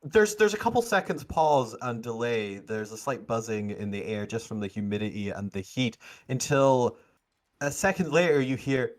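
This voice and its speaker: A man acting as game master, narrating a tabletop game in an animated, rambling way with frequent fillers. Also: medium pitch, normal speed. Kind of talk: running a tabletop game over a live stream.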